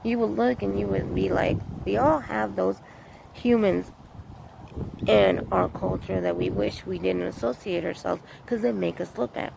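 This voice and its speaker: A woman vlogger earnestly rambles through her opinions in a casual monologue, circling back to the same points. Her medium-pitched voice is heavily gravelly and full of fry, steady in tone and a little slow. She's outdoors, and the noisy recording picks up street and vehicle sounds.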